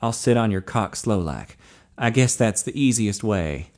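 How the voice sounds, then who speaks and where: A man reading aloud, voicing a brawny, blunt adult man in a hushed, matter-of-fact way. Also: lowish voice, lively intonation, unhurried.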